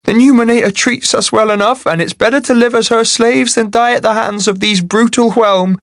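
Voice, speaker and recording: A man doing a shrill, panicky scrawny captive. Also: fairly even intonation, normal speed, no echo, clean studio sound. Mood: fearful. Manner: high, panicky and pleading. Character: scrawny frightened male captive, big-nosed, shrill.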